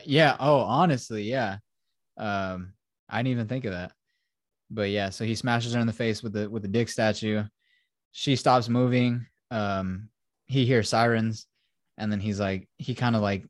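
A young man hosts a podcast, swearing freely and rambling while he casually walks through a film plot. His voice is on the low side with fairly even intonation and moderate pace, recorded at studio quality with no echo.

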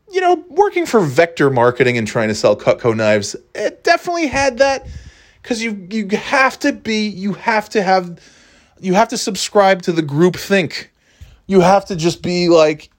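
A male podcast host rambles through a casual monologue, swearing freely. His storytelling is loose and self-mocking, full of restarts and asides. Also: high-pitched.

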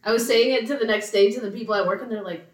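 A young woman co-hosting a casual podcast, animated and quick to react. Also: a little high, reverberant, heavy background noise. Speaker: podcast co-host. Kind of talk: casual chat among friends.

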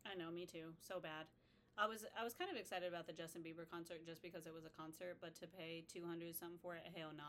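Fast-talking blunt young woman. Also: fairly low pitch, fairly even intonation, a bit bright, a little hiss or hum. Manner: blunt, outspoken. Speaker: podcast co-host. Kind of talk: casual chat.

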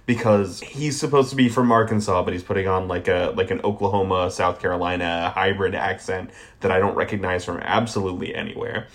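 A man from the American South co-hosts a casual movie podcast, offering blunt, sardonic, profane opinions on films. His voice is deep with fairly even intonation, and he talks briskly with few pauses.

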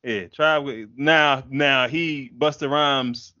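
A man's voice: mid-range voice, extremely slow, bright, forceful tone. A man co-hosting a podcast, talking bluntly in slangy, opinionated casual chat. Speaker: podcast co-host. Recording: dull lo-fi sound.

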